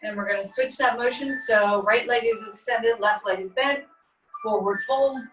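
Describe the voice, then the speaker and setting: Fitness instructor, woman, higher voice, calm step-by-step stretch cues, laptop mic set back in an echoey room with faint music. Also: moderate pace, distant mic. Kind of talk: guided stretching class.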